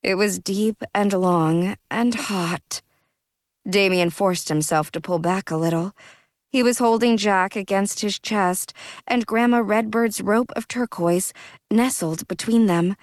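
Woman narrator, audiobook, very slow pace, dry close sound. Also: mid-range voice, no echo. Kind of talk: scripted narration.

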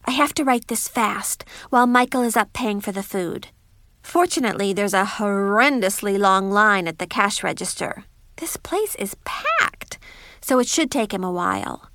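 A woman's voice: medium pitch, moderate pace, fairly bright tone, dry recording, studio quality. A woman narrating a first-person story in a chatty, wry diary style.

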